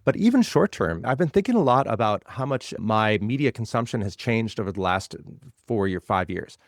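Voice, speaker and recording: A man's voice: on the low side, sing-song, normal speed, no echo, studio quality. A man being interviewed as a legal tech guest, explaining ideas in a conversational way and building points by repeating phrases.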